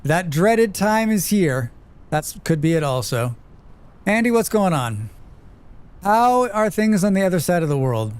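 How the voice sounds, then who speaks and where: This American man streams a game, talking casually with viewers, reading their messages aloud, swearing freely and laughing often. His high-pitched voice is very animated yet a little slow, a little mellow, clear and resonant.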